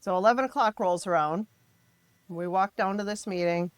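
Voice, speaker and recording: A middle-aged mother from the American Midwest telling her family's story in an interview, emphatic and frank, turning animated when she quotes others. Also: medium pitch, moderate pace, clear, resonant tone, dry recording. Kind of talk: personal storytelling in a podcast interview.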